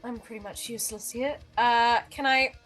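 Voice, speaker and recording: A woman's voice: on the high side, normal speed, soft background music. A woman playing a tabletop game, chatting casually, often laughing and apologizing. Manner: giggly, apologetic, animated. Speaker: player.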